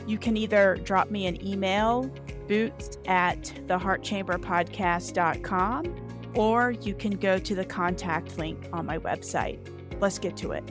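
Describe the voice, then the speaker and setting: A woman hosting a podcast, welcoming her guest warmly. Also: mid-range voice, a little slow. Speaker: podcast host. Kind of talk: podcast intro and interview. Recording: intro over music.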